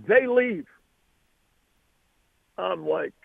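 A man, a football coach, telling an animated recruiting story as a radio guest. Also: high voice, measured pace, creaky, husky, no echo, narrow, tinny audio. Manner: animated, acts out the voices.

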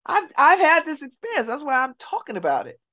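Woman on community radio talking it up, middle-aged, gets animated then goes low n soft. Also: brisk. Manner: animated storytelling, drops voice low and soft for emphasis. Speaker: radio show host. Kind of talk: casual talk radio monologue. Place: radio studio.

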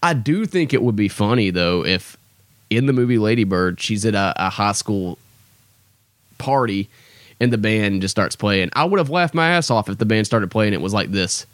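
A young man with a voice on the low side hosts his own podcast, sounding animated at a normal speed in a dry recording. His casual solo talk rambles, heavy with fillers and self-deprecating humor.

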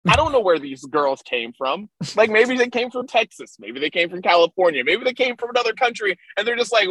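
A man co-hosting a podcast over a video call, chatting casually and animated, joking and acting out what others might say. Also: high voice, no echo, poor audio. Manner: animated, joking, playacts others in quick asides. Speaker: podcast co-host. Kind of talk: casual chat.

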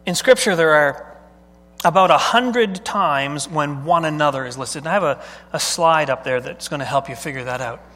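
In a church sanctuary with long hall reverb, a male pastor with a fairly high, fairly bright voice preaches conversationally. He often puts questions to the congregation.

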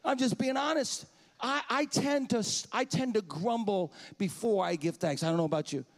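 A man preaching a sermon in a church, swinging from shouted praise to quiet, candid confession. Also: high voice, moderate pace. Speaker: pastor. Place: church sanctuary.

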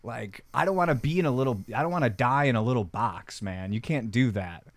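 A man's voice: medium pitch, brisk, no room sound. A man guesting on a comedy podcast, ranting defensively in a rambling way. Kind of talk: improvised comedy character rant.

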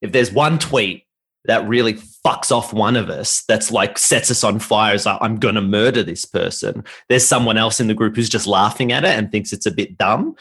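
Husky Australian comedian, low voice. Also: male voice, normal speed, fairly bright tone. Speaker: guest comedian. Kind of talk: casual chat.

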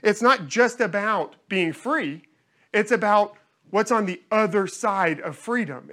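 A male preacher delivers a sermon with a high, bright voice. He speaks earnestly and often doubles back on his words as he works out each thought. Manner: earnest, repeats words while searching for phrasing. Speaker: pastor.

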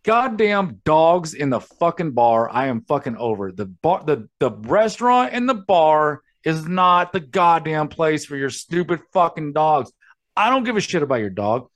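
A man's voice: fairly high pitch, big pitch swings, normal speed. A man hosting a podcast, ranting and telling stories in a casual, profane way. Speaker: podcast host.

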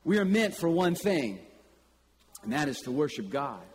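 A man preaching a sermon, telling stories in a slow, deliberate way and breaking into sudden loud calls. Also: on the high side, very animated, slight background noise. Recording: long reverb with faint ambience.

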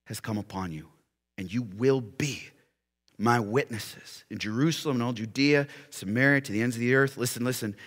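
A man preaching as a pastor, giving an impassioned altar call full of repeated rhetorical questions. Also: mid-range voice. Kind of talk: sermon. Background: soft music playing.

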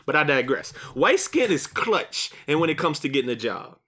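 Young man, podcast host, bright clear voice, slightly high, jokey and animated. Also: normal speed. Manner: animated, jokey, reads a commentary segment. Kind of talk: casual podcast chat and scripted monologue.

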